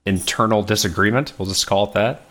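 Low-voiced man with dry banter. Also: brisk, fairly bright tone. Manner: dry, self-mocking banter. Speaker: podcast host. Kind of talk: casual chat.

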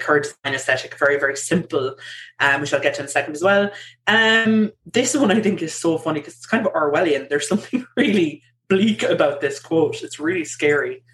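A woman's voice: sits low, a bit bright, a little hiss or hum. A woman hosting a casual podcast, chatty and giggly, presenting her research with lots of fillers.

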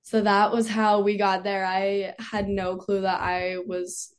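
A woman's voice: mid-range voice, flat delivery, slow. A young woman, a college cheerleader, telling her story as a guest in casual conversation, chatty and full of "like" fillers. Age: young adult. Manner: chatty, peppered with "like", laughs often.

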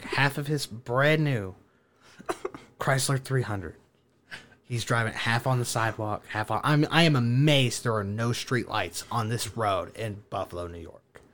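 A young man telling a wild story casually, animated, laughing and swearing as he goes. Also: fairly low pitch, slight background noise.

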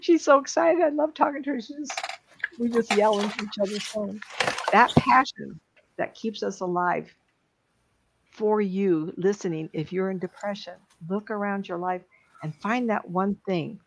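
A woman's voice: mid-range voice, creaky, breathy edge. Emotional chatty woman medium. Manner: emotional, chatty, halting with many fillers. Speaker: psychic medium host. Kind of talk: live-stream reading and chat. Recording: dull lo-fi stream audio.

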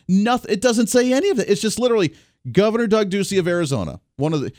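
A radio talk show host talks through political news with a chatty, wry delivery. His voice sits a little high for a man, and the sound is close and dry. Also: expressive, racing, a little mellow, no room sound. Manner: chatty, wry, frequent restarts. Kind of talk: political commentary.

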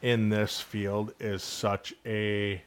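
Earnest man telling stories, low voice. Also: little pitch movement, extremely slow, a little hiss or hum. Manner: earnest, storytelling with quoted voices. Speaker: podcast guest. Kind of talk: casual podcast conversation.

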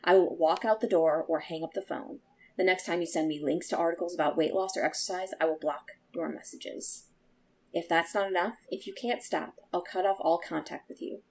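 A woman co-hosting a book podcast, reading a novel passage aloud in a soft, quiet voice. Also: lowish voice, steady tone, normal speed, a little hiss or hum, poor audio. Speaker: podcast co-host.

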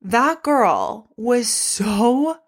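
A young woman talks into her podcast microphone in a loose, unscripted solo episode. She is chatty and candid, with animated asides and casual swearing. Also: a little high, extremely slow. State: pregnant. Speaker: podcast host and fitness instructor.

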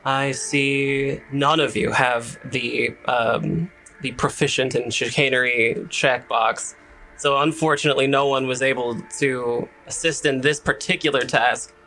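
Gravelly bright-voiced game master. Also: male voice, mid-range voice, fairly even intonation, soft background music. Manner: hesitant, measured narration with fillers. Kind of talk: narrating a tabletop game.

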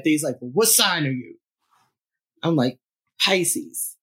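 Speaking slowly with frequent pauses, this musician guest in her fifties has a low, slightly rough voice. Telling a story in a casual interview, she stays animated, laughs a lot, and performs other people's lines.

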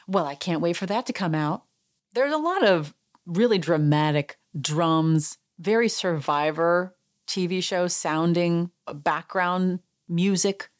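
A woman's voice: fairly low pitch, unhurried. Chatty woman recapping reality TV. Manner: chatty, reenacts quotes with animated voice jumps. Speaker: podcast host. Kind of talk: casual recap chat.

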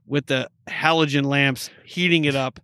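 A man's voice: mid-range voice, steady tone, normal speed, pushed and bright, smooth, no room sound, clean studio sound. A man co-hosting a casual whiskey tasting, wry and joking, with blunt asides and mild swearing.

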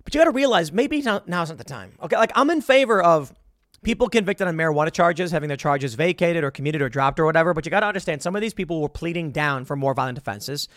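A man's voice: a little high, expressive, quick pace, a bit bright, no room sound, clean studio sound. A man giving a sarcastic, exasperated political commentary monologue.

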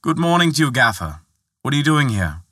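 A man's voice: medium pitch, sing-song, a little fast, sharp tone, dry recording, clean studio sound, voice pushed up. A man playing a bold young prince. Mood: commanding. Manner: raised, declamatory delivery.

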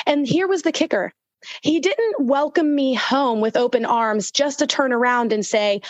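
A woman guest on a podcast interview, sharing a fervent and emotional faith testimony in quick bursts. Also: fairly high pitch, lively intonation, dry recording, lo-fi sound.

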